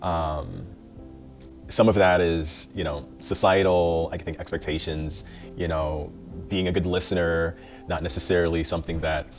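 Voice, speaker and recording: Man, middle-aged, very deep voice, casual reflective talk, thoughtful pauses, faint background music. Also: little pitch movement. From the Bronx, New York. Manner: reflective, with many fillers and restarts. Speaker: mental health therapist.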